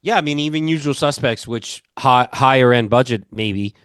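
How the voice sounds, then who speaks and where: A man's voice: mid-range voice, normal speed, a bit bright, no echo. Rambling Long Island man, dry sound. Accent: New York, Long Island. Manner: rambling, filler-heavy storytelling. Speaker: podcast co-host. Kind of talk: casual chat.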